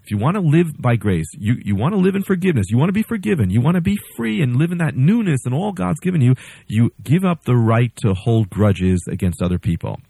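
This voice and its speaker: Husky warm-voiced male preacher. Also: mid-range voice, very animated, a little fast, dry recording. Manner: conversational, acts out story voices, frequent restarts. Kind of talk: sermon.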